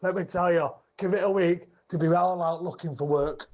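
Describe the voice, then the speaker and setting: A man calling in to a radio show, his voice a little higher than average and muffled by a lo-fi phone line. He speaks bluntly, stacking up his points in short, clipped phrases. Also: fairly even intonation, normal speed, darkish tone. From Manchester, England. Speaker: caller.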